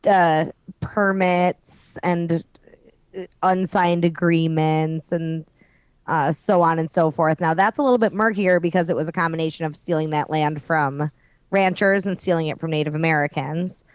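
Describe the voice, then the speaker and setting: A woman's voice: low-pitched, steady tone, measured pace, smooth, dry recording, dull audio. A woman co-hosting a talk show, reporting her research with dry, sarcastic remarks. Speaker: podcast co-host and researcher. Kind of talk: casual talk show chat.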